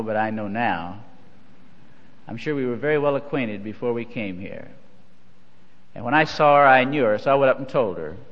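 Older man, folksy storytelling sermon, self-deprecating, dull lo-fi archive sound, long hall reverb. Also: mid-range voice. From Missouri. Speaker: church leader. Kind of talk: humorous anecdotal sermon. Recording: dull, echoey hall recording.

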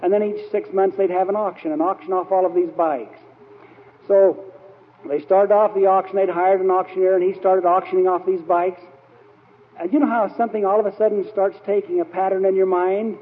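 Here a male church speaker's high voice stays level and brisk while he tells anecdotes in a sermon, rambling and dropping fillers often. The recording, made in an old hall, comes across tinny and full of echo.

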